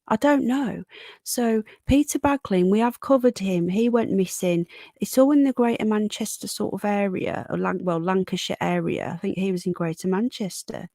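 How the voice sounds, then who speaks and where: A woman with a Birmingham accent touched by a Yorkshire twang hosts a casual livestream, greeting viewers one by one as darling and hon. Her voice has a gravelly edge. She sits close to a dry microphone with the gain turned right up. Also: mid-range voice, warm tone, dry recording. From Sutton Coldfield, Birmingham, England. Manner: chatty, calls viewers darling and hon, frequent restarts. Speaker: livestream host. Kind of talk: casual live-stream chat reading out comments. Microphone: desk microphone with gain turned up.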